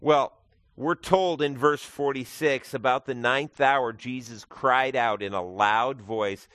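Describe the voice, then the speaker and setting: A man's voice: mid-range voice, slow pace, a bit bright, no room sound. A male pastor giving a conversational sermon, explaining scripture with casual asides. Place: church.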